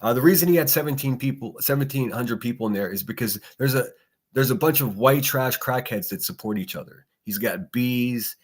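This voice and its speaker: A man's voice: medium pitch, a little fast. Mocking, profane man hosting a livestream. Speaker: podcast host. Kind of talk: solo livestream reaction commentary.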